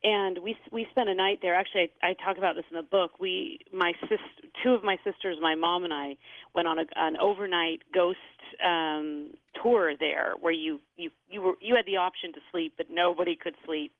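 Gravelly woman guest on a tinny phone line. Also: on the low side, steady tone, moderate pace, no echo. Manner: thoughtful, with many fillers and restarts. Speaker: author guest. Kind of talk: radio interview. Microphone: telephone.

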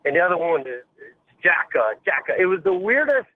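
High-voiced eager male caller, tinny phone. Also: big pitch swings, fast talker, no room sound. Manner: eager, friendly, stumbling over words. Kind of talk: phone-in storytelling. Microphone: telephone. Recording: tinny telephone line.

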